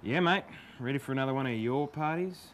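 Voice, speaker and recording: A man's voice: mid-range voice, moderate pace, slight background noise, natural voice. A man playing a brash Aussie bloke. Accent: Australian. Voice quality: broad, blokey, swears casually. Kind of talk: short film comedy acting.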